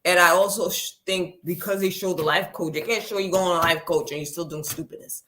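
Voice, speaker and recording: A woman's voice: on the low side, steady tone, a little fast, a bit bright, a little hiss or hum. Blunt woman recapping reality TV. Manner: blunt, dismissive opinions. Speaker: podcast co-host. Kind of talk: casual reality TV recap chat.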